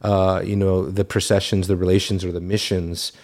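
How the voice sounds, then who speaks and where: Male host, low-pitched, thoughtful and hesitant, heavy on fillers. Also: little pitch movement, normal speed, darkish tone. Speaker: podcast host. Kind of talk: casual conversation.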